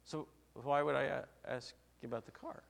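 A man voicing his calm young wife in a sermon story, gently explaining her point. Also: medium pitch, moderate pace, gravelly. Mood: gentle.

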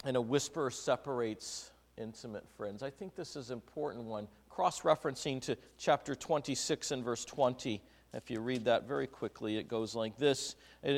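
A middle-aged man preaching a sermon, talking conversationally, asking the congregation questions and acting out little quotes. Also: mid-range voice. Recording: long hall reverb.

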